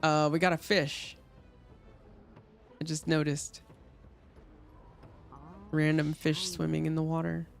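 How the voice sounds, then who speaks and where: A man with a slightly high voice chats loosely while streaming a game. He rambles, stacking fillers between thoughts. Soft music plays quietly behind him. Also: slow, creaky, long pauses. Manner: relaxed, rambling, chatty with fillers. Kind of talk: casual gaming stream chat.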